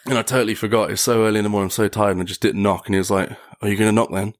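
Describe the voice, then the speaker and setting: A young man, talking as a podcast guest. His voice sits a little low, and he tells loose, meandering stories. He laughs often and fills his sentences with "like". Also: fairly even intonation, rapid-fire. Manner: rambling, laughs often, heavy use of "like". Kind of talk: casual storytelling chat.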